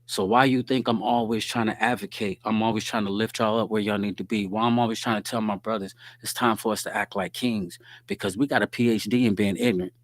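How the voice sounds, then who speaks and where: A man's voice: fairly low pitch, steady tone, fast talker, few pauses, no room sound. A man giving a streetwise, preachy faith-based talk straight to his listeners.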